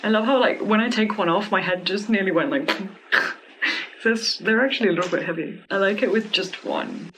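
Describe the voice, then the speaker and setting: Woman, beauty vlogger, gushing and giggly, casual review, mid-pitched voice, faint hiss behind. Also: normal speed. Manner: gushing and excitable, many "like" fillers, giggly. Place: at home.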